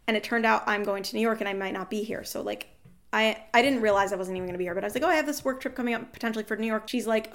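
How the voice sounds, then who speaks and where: A woman speaking fast and frankly, her voice sitting a little high as she recounts arguments with her partner. She jumps between her own words and quoted lines, swears now and then, and lets out rueful laughs. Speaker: guest seeking advice. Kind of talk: candid emotional storytelling.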